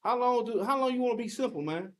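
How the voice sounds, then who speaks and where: High-voiced fiery male scripture teacher. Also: expressive, quick pace. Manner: emphatic and confrontational, with rhetorical questions and mild cursing.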